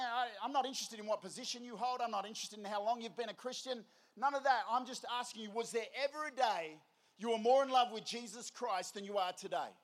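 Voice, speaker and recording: A man delivers an evangelistic sermon in a fairly high voice. His delivery is energetic and conversational. He keeps putting rhetorical questions to his listeners. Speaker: preacher.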